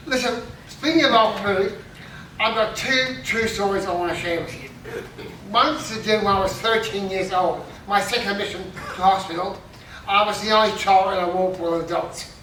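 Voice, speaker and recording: A man's voice: high voice, steady tone, normal speed, pushed and bright, distant mic, a little hiss or hum. A middle-aged man doing self-deprecating stand-up comedy, with punchy joke delivery and laughing at his own jokes. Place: festival stage. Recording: echoey hall, mic heard from afar.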